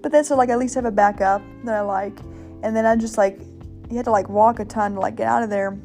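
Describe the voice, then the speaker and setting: A woman's voice: fairly high pitch, steady tone, fast talker, dark tone, soft background music. A young adult woman hosting a casual solo podcast, rambling with lots of fillers and acting out her own quoted thoughts. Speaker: podcast host.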